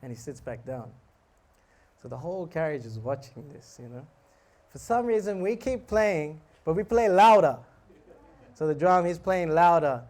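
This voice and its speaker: Animated man telling a story in a sermon. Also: on the high side, normal speed. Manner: animated, laughing, acts out scenes. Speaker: monk and preacher.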